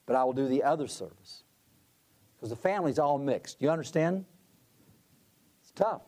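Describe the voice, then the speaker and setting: A man's voice: medium pitch, lively intonation, moderate pace, warm tone. Man telling a leadership story. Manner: conversational, with frequent restarts and asides. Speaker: conference president speaking on leadership.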